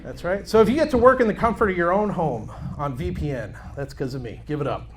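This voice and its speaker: A man's voice: on the high side, quick pace. A man in his thirties doing a crude, brash stand-up set on a comedy club stage, acting out voices of his family.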